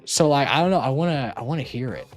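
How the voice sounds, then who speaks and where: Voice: mid-range voice, expressive, fast talker, faint music behind. A young adult streamer chatting casually, teasing, laughing often and swearing freely.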